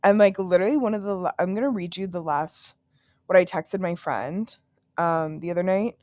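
Chatty, swearing young woman, low-pitched. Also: moderate pace, a little mellow, no echo, clean studio sound. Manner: chatty and profane, with frequent "like" and laughing asides. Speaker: podcast host. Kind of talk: casual solo storytelling. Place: at home in her apartment.

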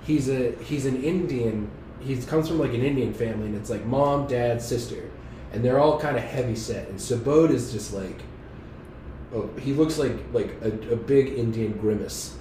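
A man's voice: mid-range voice, normal speed, mellow, slight background noise. Rambling man, roomy distant sound. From New England. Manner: rambling, laughing, crude jokes. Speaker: podcast guest. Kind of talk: casual podcast chat. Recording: roomy, distant mic, faint ambience.

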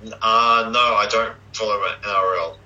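A young man talks in a casual, halting way, stacking fillers and restarts. His voice sits a little low but sounds bright and pushed. The recording is dull and lo-fi. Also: steady tone. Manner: hesitant, full of fillers and restarts. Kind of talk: casual chat.

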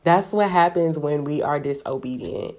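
A woman with a low voice teaching from the Bible in a relaxed, conversational way. She talks animatedly, sprinkling her speech with "like". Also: normal speed. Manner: chatty, animated, heavy use of "like". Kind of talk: casual devotional teaching.

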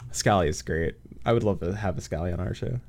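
An American man hosts a casual podcast chat, talking fast in a deep, darkish voice. He jokes and laughs often and restarts his sentences plenty.

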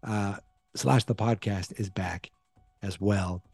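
Boston guy rambling on his podcast, mellow voice, dry close mic, bit of music under it. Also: on the low side, steady tone, takes it slowly, husky, dry recording. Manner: rambling, self-deprecating, playful. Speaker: podcast host. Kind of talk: casual solo podcast chat.

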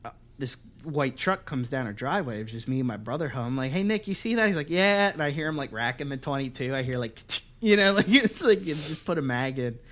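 A young man in his twenties co-hosting a podcast, telling a long profane story in a casual, animated way and laughing as he goes. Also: medium pitch, quick pace. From Pennsylvania. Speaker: podcast co-host.

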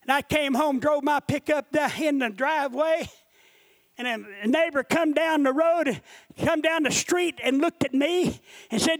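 A man preaching with a very high, piercing voice, caught in a dry, close recording with no room sound. He moves from quiet storytelling to impassioned shouting as he drives home his point. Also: unhurried, no room sound. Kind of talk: sermon.

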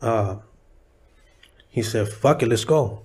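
A middle-aged man from San Diego, a rapper guest telling a story in a profane, animated way, acting out the people he quotes. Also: medium pitch, takes it slowly. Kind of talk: casual storytelling interview.

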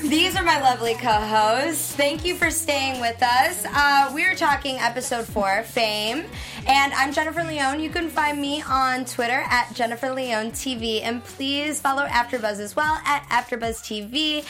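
Bubbly high-voiced woman hosting a chat. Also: normal speed, sharp tone, faint music behind. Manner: bubbly, laughs often. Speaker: host. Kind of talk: casual after-show chat.

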